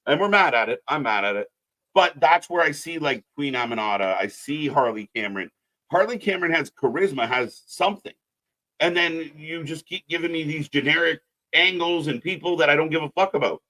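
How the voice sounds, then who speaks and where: A man's voice: fairly high pitch, expressive, fairly quick, sharp tone. A man co-hosting a live wrestling commentary stream, talking casually and bluntly, swearing and ranting with strong opinions.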